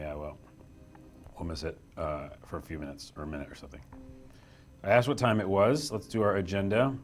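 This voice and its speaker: A man's voice: low-pitched, a little hiss or hum. A young man hosting a casual live stream from a small office room, chatty and self-deprecating as he reads the chat aloud.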